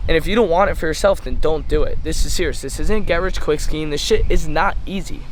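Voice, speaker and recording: A man's voice: fairly high pitch, fast, rough recording. A teenage boy outdoors at a playground, giving a blunt, profane motivational rant straight at the viewer. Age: teens. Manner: blunt, profane, fired-up, lectures the viewer directly. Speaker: trading mentor vlogger. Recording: phone recording outdoors with faint background noise.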